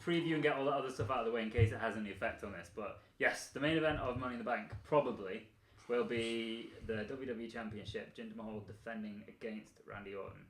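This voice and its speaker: A man co-hosting a casual podcast chat, animated and prone to restarting his sentences. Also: medium pitch, fast talker. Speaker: podcast co-host. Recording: roomy echo.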